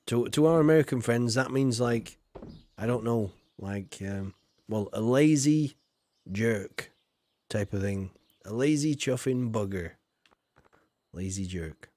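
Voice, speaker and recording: A man's voice: fairly low pitch, darkish tone, no echo. A man with a Yorkshire accent chatting casually to his live-stream viewers, rambling and swearing mildly with lots of "you know". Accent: Yorkshire English. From Yorkshire, England. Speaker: game streamer.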